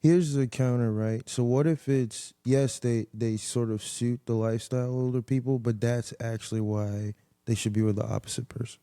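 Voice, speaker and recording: A man's voice: mid-range voice, steady tone, normal speed, warm tone, smooth, no room sound, clean studio sound. A man, a comedian guest on a podcast, chatting casually and telling stories in a loose, profane, rambling way.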